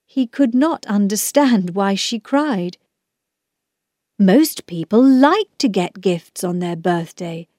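Slow, measured woman storybook narrator. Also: mid-range voice, animated, dark tone, no echo, clean studio sound. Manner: slow, clear, measured reading. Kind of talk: scripted narration of a children's book.

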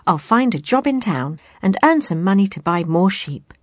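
A woman's voice: medium pitch, sing-song, normal speed, no echo. A woman voicing a brave, earnest young farm girl in a storybook reading. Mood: determined.

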